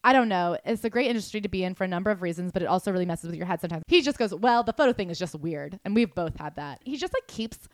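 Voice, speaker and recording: A woman co-hosting a chatty podcast, talking at a quick clip with a jokey, animated manner. Her voice sits mid-range, and the recording is close and dry with no room sound. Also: on the low side, no echo. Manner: fast, animated, jokey, reads quotes aloud. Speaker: podcast co-host. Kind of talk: casual chat.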